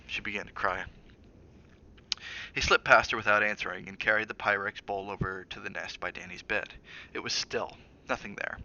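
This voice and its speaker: A man's voice: on the low side, fairly even intonation, moderate pace, pushed and bright. A man streaming a dramatic read-aloud of a novel, with asides to his viewers. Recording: dull lo-fi mic with faint hiss.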